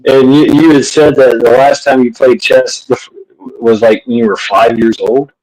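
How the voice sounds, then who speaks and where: A man hosting a casual livestream chat, profane and excitable, jumping into a high voice when quoting himself. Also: moderate pace, poor audio. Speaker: livestream host.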